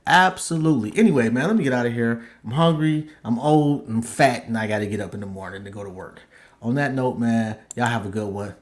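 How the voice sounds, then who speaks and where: A man hosting his own podcast in casual chat, excitable and slangy, swearing freely and breaking into high squeals when he gets worked up. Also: fairly quick. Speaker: podcast host.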